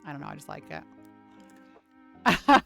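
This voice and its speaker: A woman's voice: deep voice, sing-song, takes it slowly, gravelly, fairly bright tone, soft background music. A woman fitness streamer chatting casually on a livestream, swearing freely and ranting with lots of "like".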